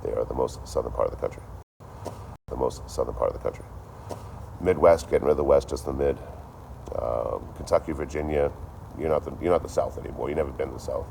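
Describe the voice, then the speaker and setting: Deep-voiced man ranting, profane and animated. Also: brisk, vocal fry, pauses often, slight background noise. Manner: profane, animated storytelling with repetition. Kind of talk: casual ranting monologue.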